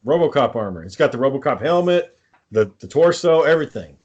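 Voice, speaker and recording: A man's voice: mid-range voice, animated, fairly quick, a little mellow, lo-fi sound. A man co-hosting a casual podcast chat, telling rambling stories full of swearing. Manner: rambling, profane storytelling. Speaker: podcast co-host.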